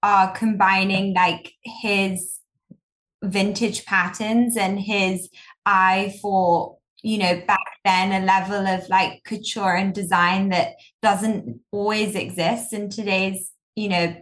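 A woman's voice: mid-range voice, level tone, slow, a bit bright. A young woman speaking in an interview, talking in long rambling sentences about her design partner. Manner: rambling, full of fillers and restarts. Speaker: designer, guest. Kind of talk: casual interview chat.

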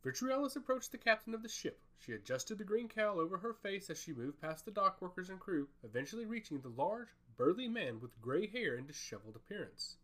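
Expressive man narrating a fantasy story. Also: high voice, fairly quick, few pauses.

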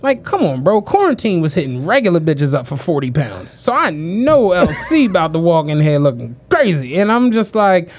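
Animated storytelling man, lively pitch. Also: moderate pace, few pauses. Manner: animated anecdote-telling, acts out quoted voices, slangy. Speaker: podcast co-host. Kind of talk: casual podcast chat, storytelling.

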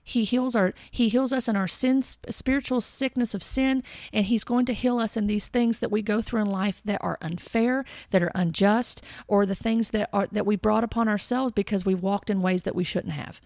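A woman speaks earnestly about her own faith journey, with a gravelly edge and a middle-pitched voice. She halts and restarts often as she works through her thoughts. The sound is dry and close, with no room in it. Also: fairly even intonation, darkish tone, no room sound. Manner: earnest, halting, with restarts and repeated words. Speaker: Christian speaker sharing testimony. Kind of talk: personal testimony talk.

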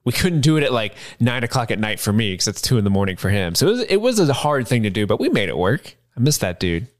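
A man's voice: medium pitch, very animated, quick pace, no echo, studio quality. A man co-hosting a podcast, rambling loosely through stories with laughs. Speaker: podcast co-host. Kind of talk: casual chat.

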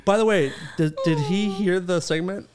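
A man with a fairly high voice ribs his co-hosts in loose, quick podcast banter. He laughs a lot and keeps throwing out playful questions. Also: a crowd in the background. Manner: teasing, quick-talking, laughs often. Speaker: podcast co-host. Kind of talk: casual banter.

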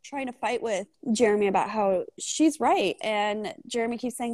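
A woman's voice: a little high, lively intonation, normal speed, hardly any pauses, a little mellow, dry recording, studio quality. A woman co-hosting a casual book podcast, recapping the plot bluntly and swearing now and then. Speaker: podcast co-host.

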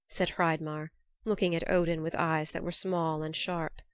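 A woman reads a storybook aloud in a steady, measured way. Her voice sits low for a woman and sounds close and dry, with no room echo. The delivery is even and unhurried. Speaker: narrator. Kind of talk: storybook reading.

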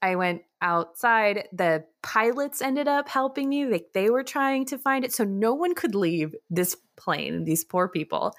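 A young woman co-hosting a podcast, telling a story in casual chat, animated and laughing often, with high quoted voices. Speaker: podcast co-host.

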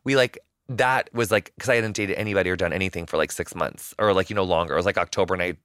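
A man's voice: low voice, fast talker, fairly bright tone, clean tone, no echo, studio quality. A man chatting as a podcast guest, telling rambling stories full of fillers and swearing. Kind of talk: casual chat.

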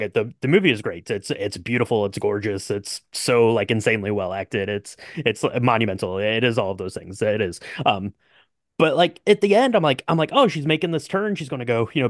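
A man's voice: mid-range voice, animated, fairly quick, no room sound, clean studio sound. A young adult man co-hosting a podcast, talking casually about a movie with lots of fillers and restarts. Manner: rambling, many fillers and restarts. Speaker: podcast co-host.

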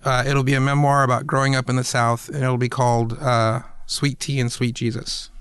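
A man's voice: mid-range voice, little pitch movement, fairly quick, a bit bright, smooth, dry recording, studio quality. A man hosting a casual interview, who talks in a rambling way with many restarts. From Atlanta, US South. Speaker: podcast host.

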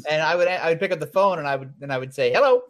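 Male guest, slightly high voice, blunt straight-talking storyteller who chuckles. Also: very fast. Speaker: comics publisher guest. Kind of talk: casual chat.

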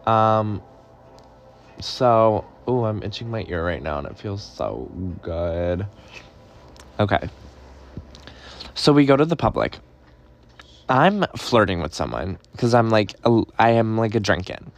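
A man's voice: fairly low pitch, sing-song, slow, long pauses. A young man telling a story in a casual, gossipy way, swearing and dramatic. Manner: gossipy, profane, dramatic retelling. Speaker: podcast host.

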